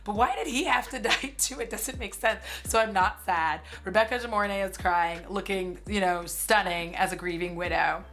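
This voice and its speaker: A woman's voice: mid-range voice, moderate pace, hardly any pauses, a bit bright. A woman in her forties giving a casual, sarcastic movie recap, with lots of "like" and some swearing. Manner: chatty and sarcastic, heavy use of "like", swears freely. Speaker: movie commentary streamer.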